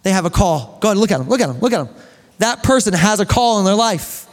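A man preaching a sermon to his congregation in a church, energetic and building to near-shouts. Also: high-pitched, quick pace. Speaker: pastor. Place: church sanctuary. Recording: long reverb of a hall.

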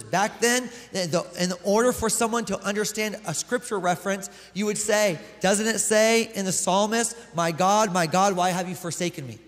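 Brief: young male pastor, light high voice, casual sermon with Bible reading, church reverb. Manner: conversational preaching with scripture reading. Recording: long reverb of a large room.

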